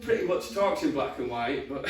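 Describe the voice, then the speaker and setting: A young man performing a stand-up comedy set, telling stories in a lively way and often laughing along. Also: on the high side, normal speed. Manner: lively storytelling with frequent laughter. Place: comedy venue with live audience. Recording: roomy stage audio from far off, crowd behind.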